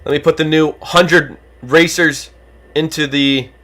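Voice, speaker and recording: A livestream host who is losing his voice, calling a giveaway race with animated, rapid play-by-play. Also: on the high side. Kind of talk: excited duck-race commentary on a livestream.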